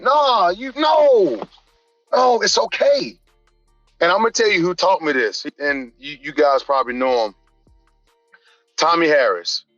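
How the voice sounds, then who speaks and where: A man, a strength coach who is a guest on a podcast, speaking passionately and emphatically, often rising almost to a shout. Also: high-pitched, dry recording, dull audio. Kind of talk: candid podcast conversation.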